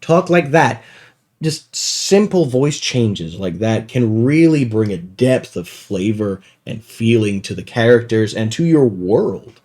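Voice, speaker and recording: A man's voice: fairly low pitch, takes it slowly, few pauses. A man hosting a casual podcast, telling tabletop game stories with lots of laughter. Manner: animated storyteller, laughing often. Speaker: podcast host. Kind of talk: casual chat.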